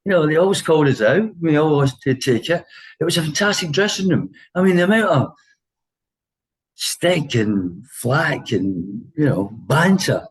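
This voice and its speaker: A man's voice: a little high, lively intonation, moderate pace, rough recording. A man in his sixties with an English accent, a former footballer telling dressing-room stories in a casual interview, full of laughs and quoted voices.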